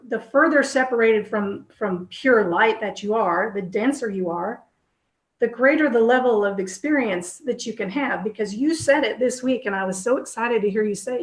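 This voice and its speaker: A woman co-hosting a casual spiritual discussion, talking enthusiastically in quick bursts with restarts. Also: on the high side, echoey room. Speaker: co-host.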